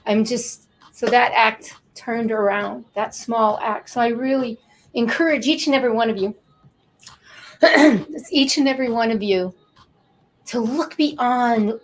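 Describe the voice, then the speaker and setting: A woman's voice: on the high side, a little slow, poor audio. A woman co-hosting a talk show, counseling-minded, speaking emotionally with repeated words and heartfelt emphasis.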